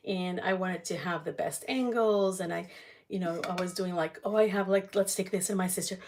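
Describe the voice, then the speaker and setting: A woman who hosts a cooking channel tells a family story while she cooks, speaking casually and haltingly with many fillers and restarts. Her voice is on the low side.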